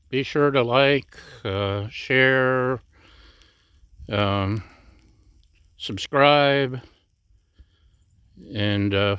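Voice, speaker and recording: Slow, rambling man at a griddle. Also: medium pitch, smooth, dry recording. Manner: slow, rambling, folksy, lots of fillers. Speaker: cooking channel host. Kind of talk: casual cooking vlog chat. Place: outdoor griddle cook station. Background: food sizzling on a griddle.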